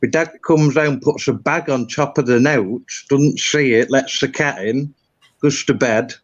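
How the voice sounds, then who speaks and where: An easygoing man tells a story as a guest on a live stream, chuckling along as he goes. His voice is mid-pitched, and it comes through slightly dull and lo-fi. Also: a little slow. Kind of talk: casual storytelling.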